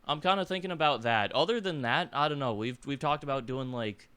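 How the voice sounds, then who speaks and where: A young man co-hosting a podcast in casual chat, hesitant and halting, with a sore throat. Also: medium pitch, bright, forceful tone, clear, resonant tone. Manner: hesitant, halting, many restarts. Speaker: podcast co-host.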